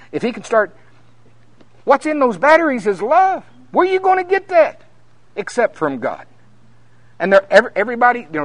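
A minister preaching at a conference, telling folksy stories that climb to emphatic peaks. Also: male voice, high voice, no echo. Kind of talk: conference sermon.

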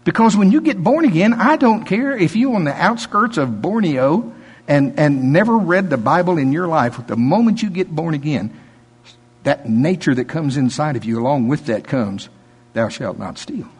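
A man's voice: on the high side, lively intonation, normal speed, slightly rough, in a large hall. A middle-aged male pastor preaching a sermon, telling folksy stories with laughter and quoted voices.

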